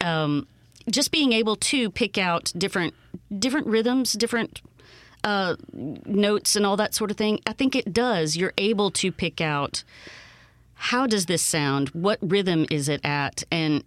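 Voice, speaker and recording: A woman, a voiceover artist talking as a radio guest, animated and playful, often laughing. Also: medium pitch, a little slow, dry recording. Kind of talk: conversational radio interview.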